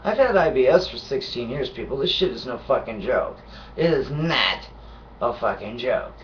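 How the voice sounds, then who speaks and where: Brief: ill, nauseated man, constant swearing, low grumbles into shouts, muffled lo-fi audio. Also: lively intonation, normal speed, distant mic, a little hiss or hum. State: sick and nauseated. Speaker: vlogger. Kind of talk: angry profane rant to camera.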